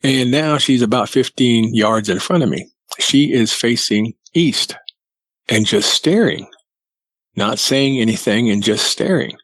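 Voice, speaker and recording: A man's voice: mid-range voice, unhurried, no echo. A middle-aged man, a guest, telling a story in a plain-spoken, folksy way and quoting lots of dialogue. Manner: lively retelling with lots of quoted dialogue. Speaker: guest recounting a sighting. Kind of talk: casual storytelling.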